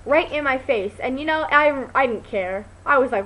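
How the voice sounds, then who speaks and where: On poor audio, a teenage girl speaking at normal speed rambles through a casual vlog story. She's chatty, keeps saying um and restarting, and bursts into high, excited voices when quoting others.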